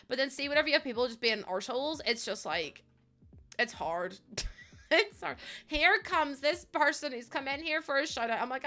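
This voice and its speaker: A woman's voice: high-pitched, animated, normal speed, pushed and bright. An Irish woman streaming a game and chatting casually, rambling, giggling often and swearing offhand. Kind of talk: casual live-stream chat while playing.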